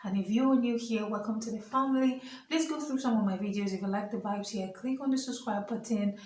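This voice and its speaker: A young Nigerian woman stands and vlogs to the camera, chatty and earnest, with many fillers and side remarks. Her voice is a little high, brisk and darkish in tone. The rough recording sounds roomy, picked up from a distance.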